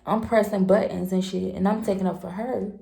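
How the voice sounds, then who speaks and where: A woman in her twenties telling a storytime vlog in a heated, profane, animated way. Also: mid-range voice, brisk, vocal fry. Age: 20s. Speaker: vlogger. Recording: echoey room.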